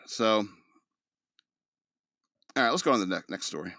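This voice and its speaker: A man's voice: on the low side, expressive, moderate pace, vocal fry, pushed and bright, no room sound, clean studio sound. A man hosting a casual news commentary podcast, reading articles aloud and breaking off into loose, joking asides full of filler words. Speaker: podcast host.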